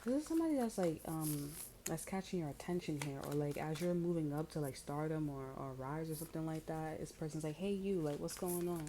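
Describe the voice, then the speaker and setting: Low-voiced woman, warm and dark in tone, doing an offhand tarot reading; blunt, profane, rambling. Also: fairly quick, hardly any pauses, a little hiss or hum, rough recording. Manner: blunt, profane, chatty with many fillers. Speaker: tarot reader.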